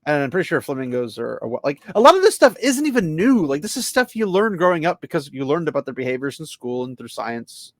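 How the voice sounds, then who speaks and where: A man riffing sarcastically while reacting to a trailer, his voice slightly high and swinging widely. He laughs easily and talks in loose, animated bursts. The sound is dry and close. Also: fast, few pauses, dry recording. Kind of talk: casual reaction chat.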